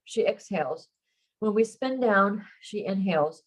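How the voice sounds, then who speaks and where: A woman's voice: mid-range voice, unhurried, poor audio. Woman author reading her romance novel.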